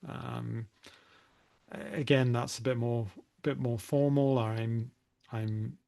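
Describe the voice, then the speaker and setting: A man's voice: medium pitch, little pitch movement, takes it slowly, creaky, mellow. A man co-hosting a casual English-learning podcast, conversational and hedging, often ending with tag questions. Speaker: podcast co-host, English teacher.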